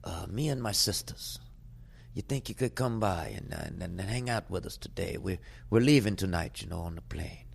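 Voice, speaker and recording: Give me a man doing a friendly Australian man who talks slowly like a mob boss. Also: sits low, expressive, creaky, slight background noise, pitched below the performer's own voice, full character voice. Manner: slow, easygoing drawl. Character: slow-talking Australian man, Godfather-like and friendly.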